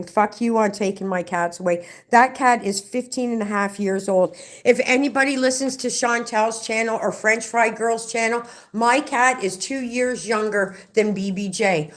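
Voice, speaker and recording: A middle-aged woman ranting on a livestream, swearing freely as she tells a long story and acts out the other people's lines. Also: medium pitch. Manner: profane, animated storytelling with acted-out quotes. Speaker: livestream vlogger.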